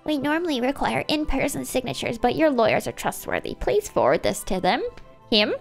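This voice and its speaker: A woman's voice: high-pitched, expressive, brisk, gravelly, soft background music, voice pushed up. A woman voicing a polite young female attorney. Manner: polite, earnest.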